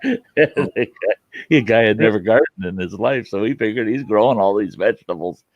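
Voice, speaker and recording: A man with a fairly low voice rambles happily through movie stories as he chats on his show. The sound is dull and dry, with no room around it. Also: fairly quick, no echo. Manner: rambling storyteller, laughs at his own retellings. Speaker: show host. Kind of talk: casual chat.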